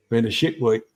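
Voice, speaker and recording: A man's voice: mid-range voice, darkish tone. An Australian man hosting a live trivia stream, chatting bluntly and rambling as he greets viewers by name. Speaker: livestream host. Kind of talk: casual live-stream chat.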